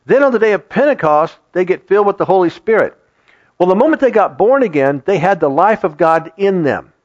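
A middle-aged man preaching a sermon to his congregation in an animated, conversational way. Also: high voice. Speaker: pastor. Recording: dull lo-fi sound.

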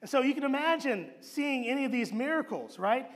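High-voiced male pastor preaching. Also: brisk. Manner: animated storytelling, acting out quoted voices and dropping low for emphasis. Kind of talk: sermon. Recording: long hall reverb.

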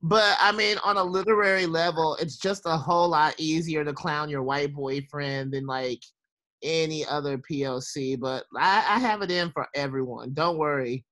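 A man's voice: on the high side, normal speed, bright, forceful tone. A man being interviewed as a guest author, talking brashly and campily with plenty of swearing. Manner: brash, profane, campy. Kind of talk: casual chat.

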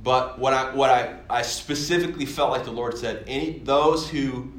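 A young man from Michigan telling a story as a sermon in a church, excited and rambling, with many fillers and restarts. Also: medium pitch, moderate pace. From Michigan, USA. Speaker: guest speaker at a church. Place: church hall. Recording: echoey church hall, faint room noise.

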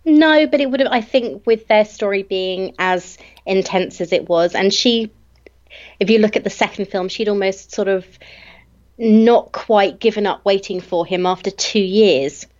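A woman's voice: medium pitch, unhurried, darkish tone. A woman co-hosting a podcast in casual chat, talking in an eager, chatty fan's manner. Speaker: podcast co-host. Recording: dull lo-fi mic.

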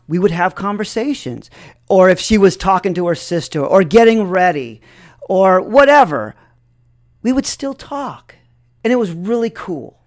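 Brief: male storyteller, unhurried, reflective, light chuckles throughout. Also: high voice. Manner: chuckles often between sentences.

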